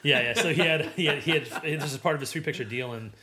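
A man's voice: a little high, fast talker, sharp tone. A man chatting casually, rambling with many restarts and fillers. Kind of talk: casual chat.

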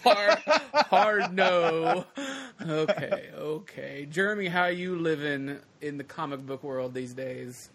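A man's voice: on the high side, fairly even intonation, measured pace, gravelly, hardly any pauses, a bit bright. Upbeat joking male podcast host. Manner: upbeat, joking, playful banter. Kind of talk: casual comedic podcast chat.

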